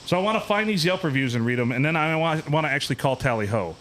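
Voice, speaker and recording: A man's voice: a little high, expressive, fast talker, fairly bright tone, a little hiss or hum. Ranting, profane man telling a story. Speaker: podcast host. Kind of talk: casual podcast storytelling.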